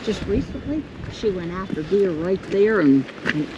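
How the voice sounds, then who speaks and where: A woman's voice: mid-range voice, expressive, normal speed. A woman casually telling a family story, acting out the quoted voices and laughing often. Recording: roomy, distant, faint noise.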